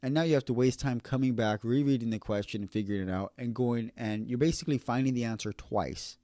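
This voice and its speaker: A man who works as an electrician, giving casual, earnest advice on passing an exam, slowing down to repeat key points. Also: mid-range voice, mellow, no echo, clean studio sound. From California.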